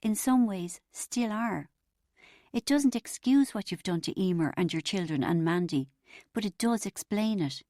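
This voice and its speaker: A woman reading the part of a calm rehab counsellor who is mild in manner but probing and matter-of-fact. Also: medium pitch, a little slow, dry recording, studio quality, lightly acted. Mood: firm.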